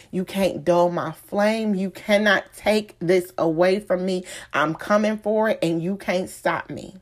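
A woman's voice: on the low side, darkish tone. Emphatic woman giving a motivational talk. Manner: emphatic, repeating phrases, slowing for effect. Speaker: motivational speaker. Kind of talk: inspirational speech.

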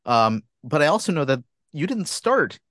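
A man's voice: a little high, sing-song, moderate pace, a bit bright, no echo. Man asking interview questions, dry sound. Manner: thoughtful, stumbling restarts.

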